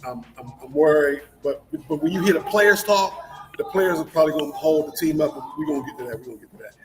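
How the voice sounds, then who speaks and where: A man co-hosting a sports talk show, with rambling, halting speech full of repeated words and restarts. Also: fairly high pitch, rough recording. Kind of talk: casual sports chat.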